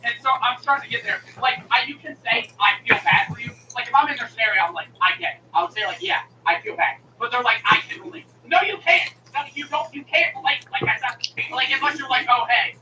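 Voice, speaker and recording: High-voiced man ranting with lots of swearing. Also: sharp tone. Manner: heated, swearing, acting out both sides of a phone call. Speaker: streamer. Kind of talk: casual profane rant. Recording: echoey room mic from a distance with noise.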